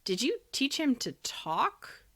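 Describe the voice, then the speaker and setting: A woman's voice: sits high, big pitch swings, slow, bright, forceful tone, pitched above the performer's own voice, heavily acted. A woman voicing an earnest young puppet boy. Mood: amazed.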